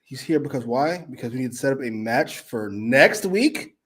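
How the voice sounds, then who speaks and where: Brief: male co-host, profane live review rants, jumps between mutters and yelling, very animated pitch. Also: normal speed, slightly rough. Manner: loud, swings from mutters to shouted rants. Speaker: wrestling show co-host.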